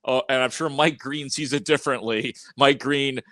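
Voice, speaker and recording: Male sports podcast co-host, average pitch, dry close mic, casual play-by-play recap. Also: fairly even intonation, normal speed, pushed and bright, dry recording. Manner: conversational, recapping plays with frequent restarts. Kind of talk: postgame sports talk.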